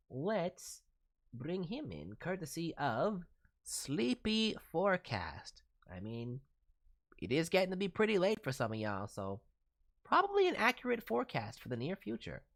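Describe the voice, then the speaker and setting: A man chats slowly on a live stream, playful and rambling, his voice rising and falling a lot as he goes. He slips into quirky, broken grammar on purpose. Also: high voice, huge pitch swings, fairly bright tone. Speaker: voice director streamer. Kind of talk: live stream chat, voicing viewers' characters.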